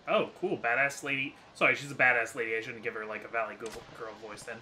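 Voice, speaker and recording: A man's voice: mid-range voice, fairly even intonation, quick pace, hardly any pauses, bright, forceful tone, slight background noise. A man hosting a let's play, joking through casual gameplay commentary. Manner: joking, self-mocking asides.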